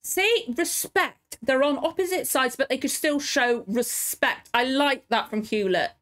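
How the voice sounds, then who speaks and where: A woman's voice: sits high, a little slow, a bit bright, faint music behind. A woman reacting to a TV drama in casual commentary, emotional and swearing freely as she pleads with the characters. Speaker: TV show reactor.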